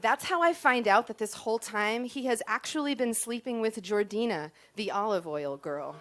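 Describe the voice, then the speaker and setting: A woman's voice: fairly high pitch, expressive, moderate pace, hardly any pauses, fairly bright tone. A woman performing a comic personal story in a chatty, self-deprecating way, timing her punchlines.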